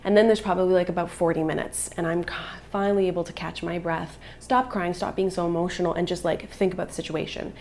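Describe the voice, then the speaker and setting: A woman's voice: on the low side, steady tone, fast talker, hardly any pauses, darkish tone, slight background noise. A woman in her thirties, a vlogger and mother, telling a personal story in an earnest, emotional way.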